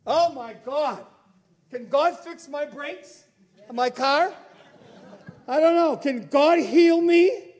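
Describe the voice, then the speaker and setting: A male preacher with a strikingly high voice delivers a sermon. He peppers the congregation with rhetorical questions and swings from loud exclamations to hushed asides. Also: a faint crowd. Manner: rapid-fire rhetorical questions.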